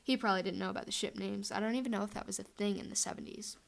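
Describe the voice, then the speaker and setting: A woman's voice: mid-range voice, fairly even intonation, rapid-fire, vocal fry. A young woman telling a fan headcanon story in a chatty, rambling way, full of fillers.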